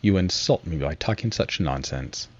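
A man voicing a touchy, easily offended mouse in a storybook reading, with a low husky voice. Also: expressive, normal speed. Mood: indignant. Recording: slightly muffled recording.

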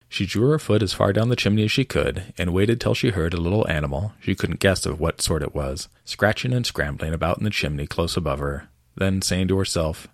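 A man reading a storybook aloud as narrator in an expressive, measured way. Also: deep voice, no room sound, clean studio sound.

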